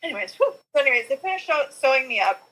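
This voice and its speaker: A woman's voice: sits high, sing-song, rapid-fire, fairly bright tone, low-quality recording. A young woman guest on a podcast telling her own birth story, rambling with lots of filler words and small nervous laughs. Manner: rambling, heavy use of "like" and "you know", nervous little laughs. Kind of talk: personal birth story in conversation.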